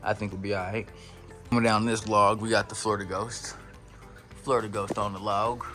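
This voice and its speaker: A man's voice: fairly low pitch, level tone, fairly quick, music in the background. A young man giving a casual, playful tour of his plant collection, full of slang and hype. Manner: playful, hyped, slangy, breaks into silly voices.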